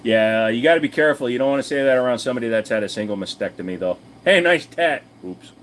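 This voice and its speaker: A man's voice: medium pitch, racing, slight background noise. A man hosting a casual livestream, answering chat in a blunt, profane, rambling way with plenty of fillers. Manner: chatty, talks straight to viewers.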